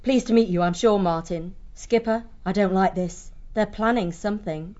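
A man's voice: sits high, darkish tone, muffled recording, voice pushed up, natural voice. A man doing a stern squirrel lady. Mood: brisk. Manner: brisk, commanding. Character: stern brisk female squirrel leader.

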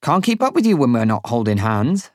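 A man voicing an earnest, steady young woman companion in an audiobook, with raised, pleading calls. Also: medium pitch, fairly quick, dry recording, clean studio sound. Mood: urgent. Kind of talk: audiobook character voice.

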